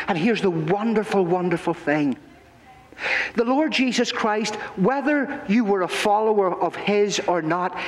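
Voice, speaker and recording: Playful male pastor telling a kids' story in church, high-pitched, long hall reverb. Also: slight background noise. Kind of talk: children's sermon.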